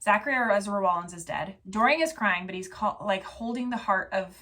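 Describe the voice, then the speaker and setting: A tipsy woman giving a rambling, profane, excitable recap of a novel's plot as a casual book reviewer. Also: medium pitch, fairly quick.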